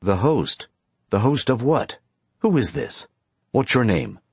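A man's voice: medium pitch, big pitch swings, takes it slowly, creaky, husky, dry recording, pitched above the performer's own voice, full character voice. A man voicing a stern young cop. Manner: stern, insistent questioning. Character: stern young male police officer.

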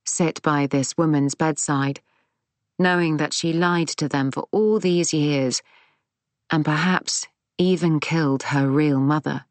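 A woman reading a novel aloud in calm, measured narration. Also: sits low, no echo. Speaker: audiobook narrator. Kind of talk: scripted narration.

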